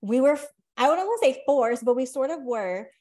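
Podcast host, woman in her thirties, slightly high voice, animated storyteller who acts out quotes. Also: fairly quick, a crowd in the background. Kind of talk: casual conversation.

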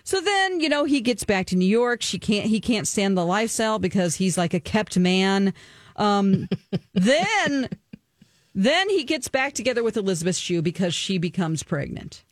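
A woman's voice: medium pitch, moderate pace, dry recording, studio quality. Chatty woman recapping a movie. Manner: chatty and animated, lots of ums, acts out the characters. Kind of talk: casual movie recap chat.

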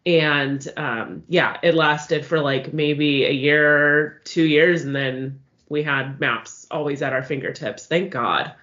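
A woman's voice: low-pitched, slow, few pauses, fairly bright tone, highs cut off. A woman in her thirties co-hosting a podcast, chatting casually and telling stories with lots of "like". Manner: chatty storyteller, lots of "like" fillers. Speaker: podcast co-host. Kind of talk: casual chat.

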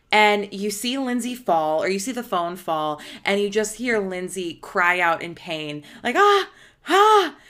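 A woman's voice: mid-range voice, fairly bright tone. A woman hosting a podcast, telling a celebrity story in a chatty, casual way with lots of "like" and laughter. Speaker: podcast host.

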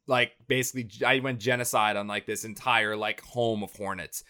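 Bright-voiced man telling a story. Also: fairly low pitch, fairly quick. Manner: animated, rambling, many fillers and restarts. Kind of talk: casual storytelling.

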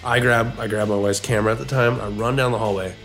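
A man's voice: fairly low pitch, steady tone, fast talker, a bit bright, faint music behind. A man co-hosting a casual podcast, telling a long story and often repeating words as he goes. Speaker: podcast co-host.

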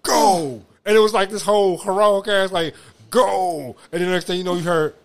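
A man hosting a casual podcast chat, telling stories with animated, laughing reactions. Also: sits high, a little fast. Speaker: podcast host.

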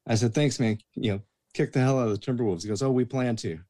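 A man's voice: medium pitch, fast. A man chatting casually, telling bartending stories and acting out the voices of the people in them. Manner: animated storyteller, acts out quoted voices. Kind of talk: casual storytelling chat.

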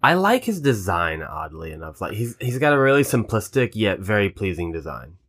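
Male podcast co-host, bright tone, giggly and teasing. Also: lowish voice, very animated, brisk. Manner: laughs often, teasing. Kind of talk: casual chat.

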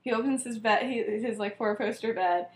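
A woman's voice: on the high side, normal speed. A young woman co-hosting a podcast, casually retelling a story with lots of "like" and frequent laughter. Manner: chatty, heavy use of "like", frequent laughter. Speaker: podcast co-host. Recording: echoey room.

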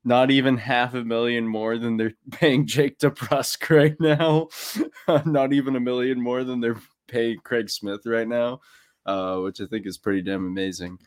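A man's voice: mid-range voice, fairly even intonation, measured pace. Loose, swearing young man chatting sports. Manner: swears freely, laughs while telling stories. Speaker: podcast co-host. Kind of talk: casual sports chat.

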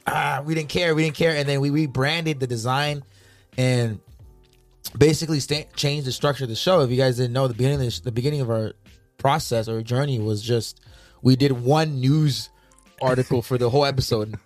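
A man co-hosting a casual podcast, excitable and talking in quick bursts. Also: mid-range voice, no echo, faint music behind. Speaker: podcast co-host.

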